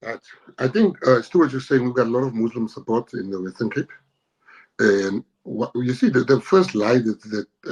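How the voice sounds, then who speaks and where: In a low-quality interview recording, a middle-aged party leader with a South African accent pushes his points hard, combative and repetitive. His voice is mid-range and husky.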